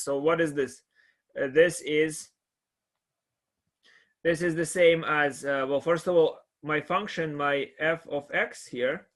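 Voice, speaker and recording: A man's voice: on the high side, a bit bright. Talkative man giving a calculus lecture. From Russia. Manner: conversational, checks in with students often. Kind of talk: classroom lecture.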